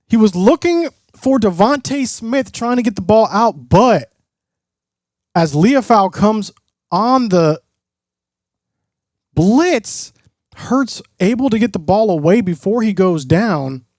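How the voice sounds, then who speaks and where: A man's voice: high voice, animated, takes it slowly, pauses often, darkish tone, no echo, clean studio sound. A man streaming live play-by-play commentary, mixing broadcaster-style calls with casual asides to his chat.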